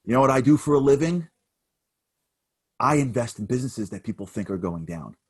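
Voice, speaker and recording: Speaker putting on an older investor, calm turning emphatic and high-pitched, husky. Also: male voice, fairly quick. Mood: brisk. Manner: reassuring, then rising to insistent lecturing.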